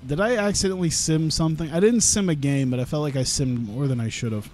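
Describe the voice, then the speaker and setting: Over soft background music, a gaming streamer comments casually on his own gameplay, rambling, cutting himself off, and laughing at his own jokes. His voice is a little high and a little mellow, expressive and brisk.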